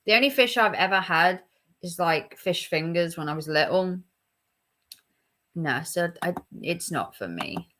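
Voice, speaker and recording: A woman's voice: lowish voice, lively intonation, unhurried, sharp tone. A young woman vlogging casually as she reacts to quiz questions, chatty and opinionated with emphatic reactions. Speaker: YouTuber.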